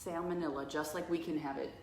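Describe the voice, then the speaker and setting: A middle-aged woman hosts a cat cafe live stream from the cafe kitchen, casually demonstrating a recipe while chatting, joking, and laughing often. Her voice is low, steady, and darkish, and she talks fast. The kitchen sounds echoey, with faint noise.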